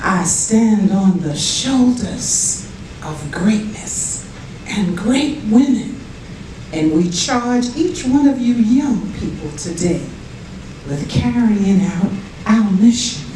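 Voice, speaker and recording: A woman's voice: mid-range voice, mellow, slight background noise. A woman performing as a proud historic businesswoman, declaiming a theatrical monologue and leading an audience chant in an event hall. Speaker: performer in character. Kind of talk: dramatic monologue with call-and-response. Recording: echoey hall from far off.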